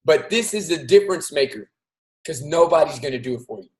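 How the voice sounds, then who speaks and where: A man's voice: a little high, lively intonation, brisk, a little mellow, low-quality recording. A man hosting a show, giving an earnest, casual motivational talk straight to his listeners. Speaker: host.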